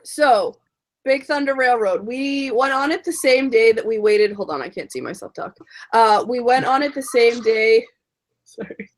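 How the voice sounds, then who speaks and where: A woman guest on a casual podcast, telling stories with lively enthusiasm. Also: fairly high pitch, normal speed. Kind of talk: casual chat, telling a story.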